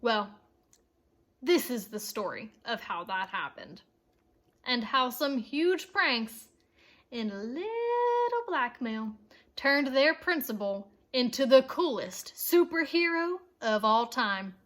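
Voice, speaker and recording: A woman reading a children's chapter book aloud, with expressive, playful storytelling and asides to her listeners. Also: fairly high pitch, slow pace.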